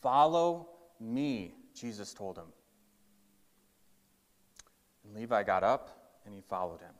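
A man's voice: on the low side, fairly quick. Man preaching in a reverberant hall. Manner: emphatic storytelling, varying pace. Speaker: pastor. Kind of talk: sermon.

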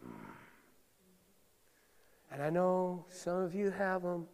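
A middle-aged male pastor with a high, creaky, darkish voice preaches slowly, his pitch swinging hugely as he gives a conversational sermon with playful asides to the congregation. He speaks in a church sanctuary, and the recording carries long hall reverb.

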